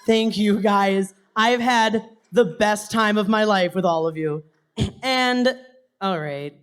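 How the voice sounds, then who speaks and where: A man's voice: sits high, slow pace, a bit bright, smooth. A young man on a theater stage giving a heartfelt thank-you speech to a live audience, his voice sometimes dropping to a whisper and breaking into laughs. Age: young adult. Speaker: stage performer thanking family.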